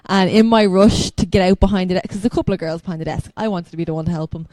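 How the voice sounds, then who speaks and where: A woman's voice: lowish voice, quick pace, darkish tone, no echo. A woman on a podcast, telling an embarrassing story with a laughing manner. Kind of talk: casual chat.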